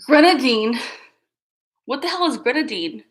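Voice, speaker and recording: A woman's voice: sits high, lively intonation, unhurried. A woman hosting a casual livestream, chatting straight to her viewers in a hyper, self-amused way. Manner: talks straight to viewers, often laughing at herself. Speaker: livestream host. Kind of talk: casual live-chat talk.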